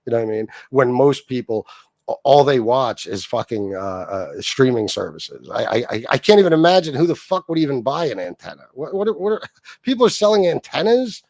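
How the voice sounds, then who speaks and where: This man, of Sicilian descent, hosts a livestream where he tears into someone with mockery, profanity, and plenty of laughter. His mid-range voice is gravelly and darkish, swinging widely in pitch at a fairly quick pace, with no room sound.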